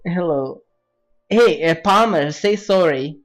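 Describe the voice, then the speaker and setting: A man's voice: on the high side, takes it slowly, faint music behind. A man streaming a game and chatting casually with friends over voice chat, teasing and laughing often.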